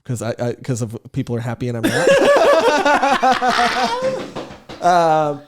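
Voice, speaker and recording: Young man, podcast mic, rambling, laughing, swearing, highish voice, animated pitch. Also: slow, heavy background noise. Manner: rambling, laughing often, swearing, repeating "dude". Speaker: podcast co-host. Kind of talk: casual comedic storytelling. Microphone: studio podcast mic.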